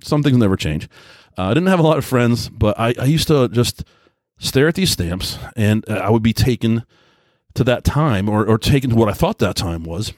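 A man's voice: medium pitch, expressive, normal speed, darkish tone, no echo, studio quality. A man in his forties hosting a solo podcast, telling loose, self-deprecating stories with many restarts and filler words. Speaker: podcast host. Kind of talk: casual solo podcast monologue.

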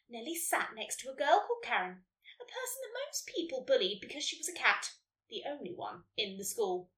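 Animated woman narrator for a kids' story read, high bright voice. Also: fairly quick. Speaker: podcast host reading a listener story. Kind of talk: storybook reading. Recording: roomy echo, distant mic.

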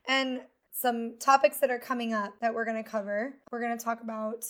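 A woman's voice: on the high side, level tone, a little fast, sharp tone. A woman co-hosting a casual podcast with her husband, friendly and upbeat, laughing easily. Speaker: podcast co-host. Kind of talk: casual chat.

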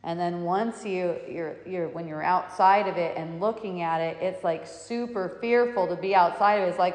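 A woman giving a reflective spiritual talk, telling a personal story in an animated, chatty way with frequent restarts. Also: on the low side, normal speed. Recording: echoey hall, reverberant.

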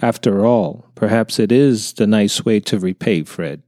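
A man narrating a short story in a calm, measured way. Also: on the low side, dry recording, studio quality.

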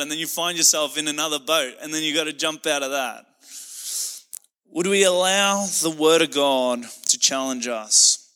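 Male pastor preaching with passion, slightly high, bright, forceful delivery. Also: long reverb tail. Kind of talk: sermon.

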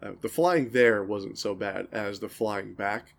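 A man's voice: lowish voice, a little slow, creaky. A man co-hosting a podcast, telling long, rambling stories and laughing at them in casual chat. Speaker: podcast co-host.

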